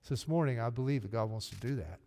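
A man's voice: mid-range voice, fast, creaky, mellow. A man with a Southern US accent preaching a sermon to his congregation, in an earnest, direct manner. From Arkansas. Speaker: pastor. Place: church sanctuary. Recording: long hall reverb, faint music. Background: faint music.

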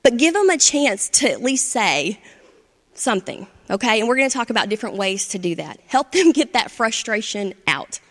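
A woman's voice: a little high, big pitch swings, moderate pace, in a large hall. A woman giving an instructional talk on parenting, conversational and often checking in with "right?" and "okay?".

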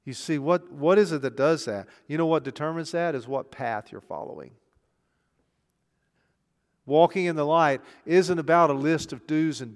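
A man preaching a sermon. He asks rhetorical questions and swings between hushed, intimate passages and emphatic, raised ones. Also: on the high side. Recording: long hall reverb.

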